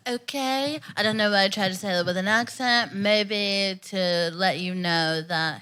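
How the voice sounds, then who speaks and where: Bright-voiced woman hosting a comedy night. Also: mid-range voice, normal speed, a little hiss or hum. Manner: loud, hyped introductions. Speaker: comedy club host. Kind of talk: live stand-up hosting. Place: comedy club stage, live audience.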